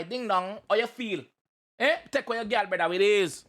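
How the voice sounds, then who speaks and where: A Jamaican man with a high, lifted voice reacts to a track in animated patois. He jokes, shouts and chants, with his energy spilling over. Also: moderate pace. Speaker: reaction video host.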